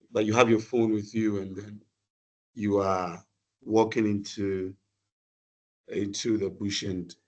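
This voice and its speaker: Hesitant man, low voice. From Ghana. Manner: hesitant, many repeated words and fillers. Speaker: webinar speaker. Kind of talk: presentation talk.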